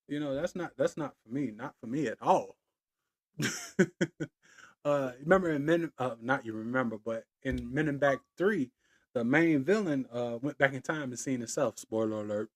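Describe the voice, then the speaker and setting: A man's voice: on the high side, big pitch swings, normal speed. A man hosting his own podcast, talking loosely and playfully, drifting into rhymes and chuckles. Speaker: podcast host. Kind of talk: casual solo podcast monologue.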